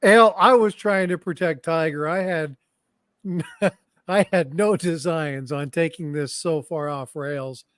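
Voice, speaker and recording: A man hosts a live stream chat, laughing easily and reacting to comments as they come in. His voice sits a little high and he speaks slowly, recorded close and dry with no room sound. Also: a bit bright, no echo. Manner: giggly, laughs often, reads chat comments.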